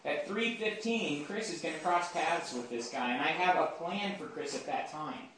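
In a very echoey room with the mic far away, a man talks at a normal speed about the Bible to a campus group, keeping it informal and checking in with listeners often. His voice is a little high and bright, with slight hiss or hum in the background.

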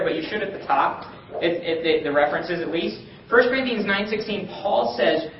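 Man teaching a small group, high voice, lively questions, distant echoey room, dull sound. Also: a little hiss or hum. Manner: animated, calls on listeners by name. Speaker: Bible study teacher.

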